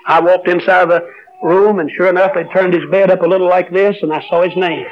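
Male preacher, high-pitched, moves from emotional storytelling to fervent exhortation; dull lo-fi recording. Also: fairly even intonation, fairly quick. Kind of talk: sermon.

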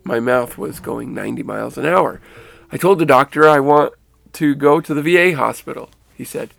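Gravelly guy telling his own story, earnest, dry close sound. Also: mid-range voice, a bit bright, dry recording. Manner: earnest, halting, with restarts and vivid detail. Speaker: storyteller recounting a near-death experience. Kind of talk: personal storytelling.

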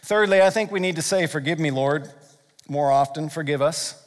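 A male pastor preaching a sermon earnestly, swinging between loud emphatic lines and soft, slow prayerful passages. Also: on the high side. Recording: long reverb of a large hall.

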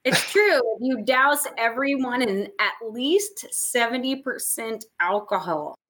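A woman's voice: a little high, measured pace, a bit bright. A woman chatting on a video call, blunt and freely profane. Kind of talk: casual video call chat.

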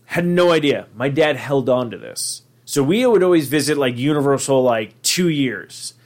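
A man's voice: medium pitch, expressive, normal speed. A man hosting a podcast, telling a long comic story in a rambling way, full of fillers and casual swearing. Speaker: podcast host.

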